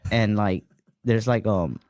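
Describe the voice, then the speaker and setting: A man's voice: on the low side, slow, a little mellow, no room sound. Brief: man riffing as podcast co-host, loose profane banter, dry close sound. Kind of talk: casual comedic chat.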